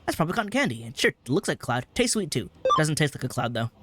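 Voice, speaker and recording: Brief: man, let's play host, wry rambling commentary, animated pitch. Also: fast talker, very noisy. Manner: wry, rambling gamer chatter.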